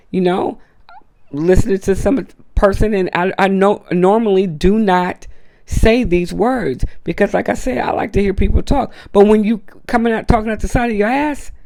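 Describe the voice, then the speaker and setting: A man's voice: sits high, darkish tone. A man hosting a solo podcast, delivering a blunt, profane, opinionated rant and slipping into mocking quoted voices. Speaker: podcast host.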